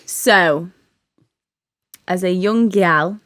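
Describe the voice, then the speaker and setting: A woman's voice: on the low side, extremely slow, fairly bright tone. A woman guest on a podcast, a singer chatting playfully on a studio couch and chiming in with the host. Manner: playful, chimes in and echoes the host. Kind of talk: casual chat.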